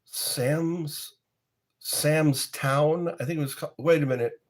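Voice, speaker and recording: Slow, rambling middle-aged man. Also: fairly high pitch, fairly even intonation. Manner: rambling, sings snippets and quotes in goofy voices. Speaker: streamer chatting with viewers. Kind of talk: casual chat.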